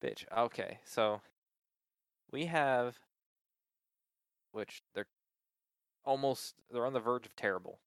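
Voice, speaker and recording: A man's voice: mid-range voice, slow pace, pauses often, clear, resonant tone, dry recording, studio quality. A man in casual chat, venting with exasperation about a support call, swearing often and filling with "like".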